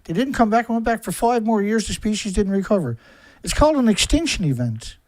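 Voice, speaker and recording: A man's voice: expressive, a little fast, dry recording, poor audio. Angry guy ranting at the camera, swears a lot, keeps asking why don't you wake up, dry close sound. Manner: ranting, profane, repeated rhetorical questions, rising to shouts; starts low and subdued, builds to loud outbursts. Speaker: environmentalist video commentator.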